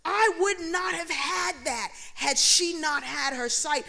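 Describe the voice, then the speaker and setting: A middle-aged woman speaks to an audience with a high, bright voice. She tells personal stories with humor and energy, and she acts out the dialogue as she goes. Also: slow pace, gravelly. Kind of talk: storytelling speech.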